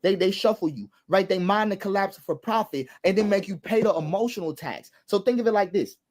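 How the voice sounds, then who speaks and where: A man's voice: high voice, brisk, a little mellow. A man hosting an online show, delivering impassioned political commentary with emphatic repetition and long lists. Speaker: commentary host.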